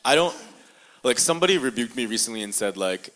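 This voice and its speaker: Speaking in front of a live audience, a young man shares his testimony in an interview, stumbling through fillers and restarts with earnest feeling. His medium-pitched voice is expressive and a bit bright, captured in a rough recording.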